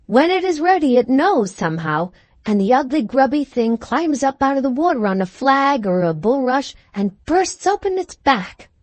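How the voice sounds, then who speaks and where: Woman doing an earnest little boy, eager, plain country talk, lively voice, storybook. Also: sits high, normal speed, no echo, pitched above the performer's own voice.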